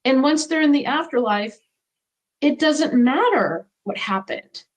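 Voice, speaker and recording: A middle-aged woman speaks as an interview guest, earnest and reflective. Her voice sits a little higher than most women's. She talks in a conversational way about her own experiences. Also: expressive, measured pace, low-quality recording.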